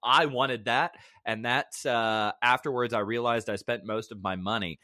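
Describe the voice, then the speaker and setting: A man co-hosting a podcast in casual chat, joking and quick to laugh. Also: medium pitch, steady tone, bright, forceful tone, no echo, studio quality. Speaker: podcast co-host.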